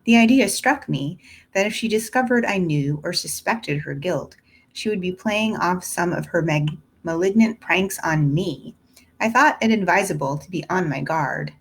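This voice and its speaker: A woman reading a classic novel aloud in the first person, steady and deliberate. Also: on the low side, creaky, husky. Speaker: audiobook narrator. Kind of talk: scripted narration of a classic novel.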